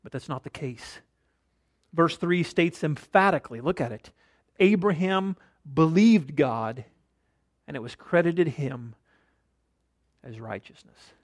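A male pastor preaching a sermon with rhetorical questions, rising to emphatic lines and dropping to a hush. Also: a little high, animated, measured pace, long pauses. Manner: dynamic preaching, rhetorical questions, drops to near-whisper for emphasis.

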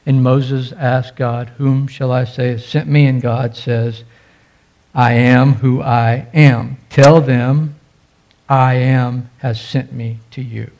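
A man's voice: mid-range voice, flat delivery, slow, darkish tone, muffled recording. A man preaching a sermon as pastor, stressing key phrases emphatically.

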